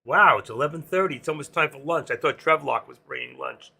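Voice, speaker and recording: A man in his sixties hosting a casual stock trading livestream, rambling and joking between chart calls, his voice going hoarse. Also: fairly high pitch, a little fast, hardly any pauses, bright, forceful tone. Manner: rambling, joking asides, sings snatches of songs. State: losing his voice. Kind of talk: casual live-stream market commentary.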